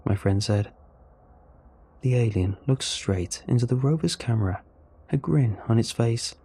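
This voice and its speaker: Low gravelly male storyteller. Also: unhurried, warm tone, soft background music. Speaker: narrator. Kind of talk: first-person story narration.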